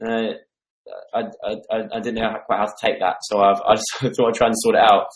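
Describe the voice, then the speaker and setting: A young man in his twenties runs a casual home livestream, rambling through viewer comments into a desktop microphone. His voice is fairly low and flat, he speaks fast, and the audio is reverberant.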